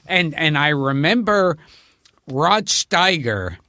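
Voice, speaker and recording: A male comedian rambles casually through anecdotes as a podcast host. His voice is bright and rather high, with a lively, swooping pitch. He speaks slowly, and the sound is dry and close. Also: no room sound. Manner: rambling, anecdotal, with frequent laughs. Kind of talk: casual chat.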